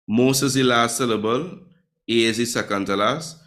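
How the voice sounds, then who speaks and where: A man teaches a classroom lesson with a somewhat low voice. He quizzes his students and keeps tagging "right?" onto his points. His delivery is patient and explanatory. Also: steady tone, moderate pace, a bit bright. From Trinidad and Tobago. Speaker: Spanish teacher.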